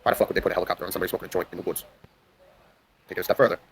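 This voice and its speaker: Fast-talking, profane young man. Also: low-pitched, steady tone, creaky, breathy edge, poor audio. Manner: profane, rambling, intense. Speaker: livestream host. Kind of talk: casual rambling storytelling.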